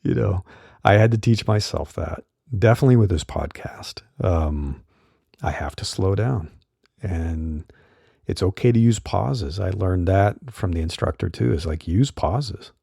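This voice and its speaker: Middle-aged man, deep husky voice, dark tone, chatty podcast host on a dry close condenser mic. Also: a little slow, no echo. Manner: relaxed, chatty, with fillers and laughs. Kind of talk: casual solo podcast talk. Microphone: studio condenser mic.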